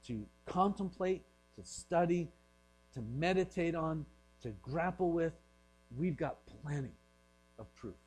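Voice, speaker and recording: A pastor giving a casual, joking sermon, dropping into quiet acted-out voices now and then, over a faint mains hum. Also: male voice, mid-range voice, low-quality recording. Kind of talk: conversational sermon.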